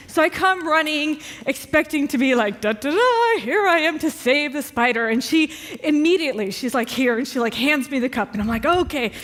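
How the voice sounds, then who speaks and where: Woman minister, animated storyteller, high voice, long hall reverb. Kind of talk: sermon. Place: church hall.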